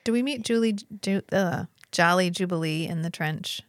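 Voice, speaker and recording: A woman's voice: on the low side, moderate pace, dry recording, clean studio sound. A woman co-hosting a book podcast who talks in a laid-back way and retells scenes with quoted lines. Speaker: podcast co-host. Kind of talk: casual book chat. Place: podcast studio. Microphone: studio microphone.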